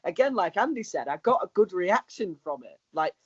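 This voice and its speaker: High-voiced chatty man, lo-fi sound. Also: sing-song, fairly quick, breathy edge, no echo. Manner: chatty, storytelling with quoted asides. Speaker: podcast co-host. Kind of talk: casual chat. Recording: dull lo-fi recording.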